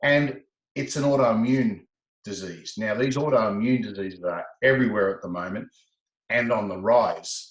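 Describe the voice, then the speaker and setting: Animated man telling stories. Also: roomy sound, rough recording. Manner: expressive, acts out quoted exchanges with rising pitch. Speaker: laughter specialist guest. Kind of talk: animated conversational storytelling.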